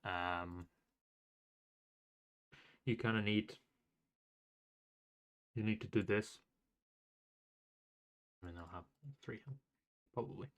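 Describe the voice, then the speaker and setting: A man's voice: lowish voice, slow pace, long pauses. A man casually talking through game tactics in a loose, rambling way, with many fillers and self-corrections. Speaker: game strategy guide creator.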